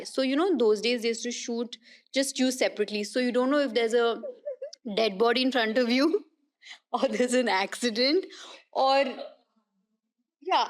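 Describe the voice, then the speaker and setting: Animated woman telling anecdotes. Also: a little high. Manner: animated anecdotal storytelling, laughing often. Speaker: guest, actress and politician. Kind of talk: casual podcast conversation.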